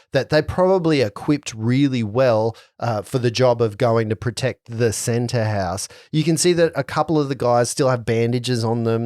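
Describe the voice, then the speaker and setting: A man's voice: medium pitch, no echo. Male game master, casual scene narration, dry close sound. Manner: descriptive, relaxed, with restarts.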